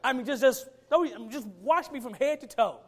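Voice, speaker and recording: A man preaching a sermon in a colloquial way, stretching out key words for emphasis and dropping to a quiet tone at the ends of lines. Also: very high-pitched. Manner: preaching with rising and falling emphasis, drawn-out words; colloquial phrasing. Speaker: pastor.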